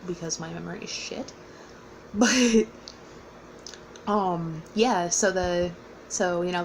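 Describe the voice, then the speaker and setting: A woman's voice: lowish voice, slight background noise, rough recording. A young woman casually telling a personal story, rambling with fillers and laughing often. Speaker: vlogger.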